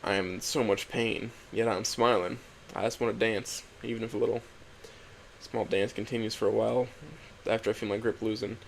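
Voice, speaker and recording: A young man reading a first-person story aloud in a quiet, introspective, halting way. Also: on the low side, steady tone, vocal fry, a little hiss or hum, poor audio. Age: young adult. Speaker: narrator.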